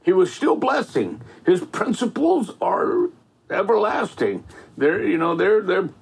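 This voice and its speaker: A man's voice: high voice, sing-song, a little slow, gravelly, slightly rough. A middle-aged man telling faith stories in a rambling, folksy way, full of "man" and "you know". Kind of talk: casual faith storytelling.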